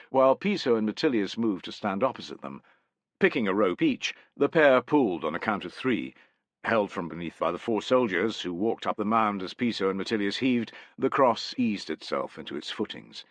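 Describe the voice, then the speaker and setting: A man narrating a war audiobook with an expressive, dramatic reading. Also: fairly low pitch, no echo.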